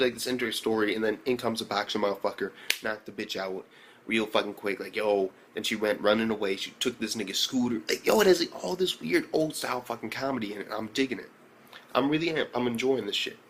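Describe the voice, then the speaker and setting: A young man giving a casual, profane, excitable recap of an anime episode, often breaking into high exclamations. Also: fast, slight background noise. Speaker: anime reviewer.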